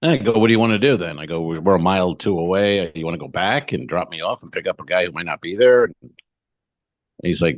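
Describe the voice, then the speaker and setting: A man's voice: deep voice, animated, fast talker, no echo. A middle-aged man co-hosting a comedy podcast, casually telling a profane story and acting out both sides of the dialogue. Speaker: podcast co-host.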